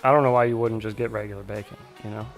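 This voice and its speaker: A man hosting a drone flight sim stream chats casually, rambling and joking as he reacts to chat. He talks very fast in a lowish, steady voice with vocal fry, over soft background music.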